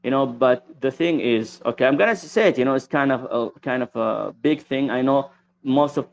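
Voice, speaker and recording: Hesitant male caller, gravelly, evasive. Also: medium pitch, normal speed. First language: Arabic. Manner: evasive, hesitant, full of fillers. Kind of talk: hesitant call-in talk.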